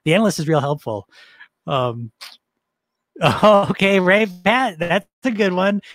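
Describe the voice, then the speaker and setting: A man's voice: high voice, animated, a little slow, a bit bright. A man coaching a live online session, reading viewer comments and talking in an upbeat, rambling way with frequent restarts and laughs. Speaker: weight-loss coach.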